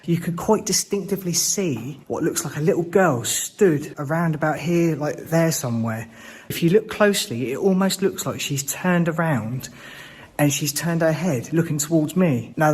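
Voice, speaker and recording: A young man vlogging alone through a stripped, empty building, who swears when scared and breaks into panicked shouts. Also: fairly high pitch, breathy edge. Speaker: ghost-hunting vlogger. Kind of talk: first-person exploration vlog.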